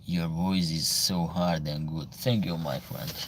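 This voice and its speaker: A man from Albania with an Albanian accent, hosting a casual livestream Q&A, reading viewer comments aloud and answering in halting, broken English. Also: rumbling low, steady tone, slight background noise.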